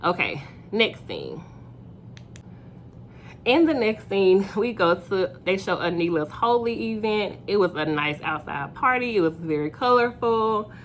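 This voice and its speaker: A woman's voice: mid-range voice, sing-song, measured pace, a little hiss or hum. A young woman casually recapping a reality show episode, chatty and opinionated, with plenty of fillers.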